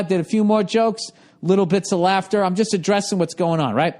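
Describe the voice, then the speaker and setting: A man's voice: high-pitched, fairly quick. A man in his forties with a Boston accent, telling a profane, exasperated story in a ranting monologue. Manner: profane, exasperated storytelling, jumps into loud mock voices. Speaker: podcast host.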